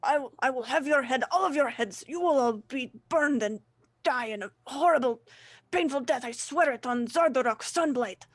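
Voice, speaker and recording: A furious captured dwarf man, voiced by a woman running the game, shouts threats and boasts with a raised, high-pitched voice. He sounds zealous and spiteful. The tone is a tabletop game character's. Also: measured pace, no room sound, lightly acted.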